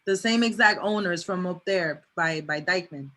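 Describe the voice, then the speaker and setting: A woman's voice: fairly low pitch, moderate pace, a bit bright. A woman with a New York accent, chatting casually in laid-back slang. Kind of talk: casual chat.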